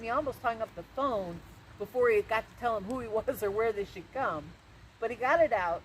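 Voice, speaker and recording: A woman telling a spooky story in a folksy, halting way, with many restarts. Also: mid-range voice, animated, a little hiss or hum, rough recording. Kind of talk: spoken ghost-story telling. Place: outdoor event.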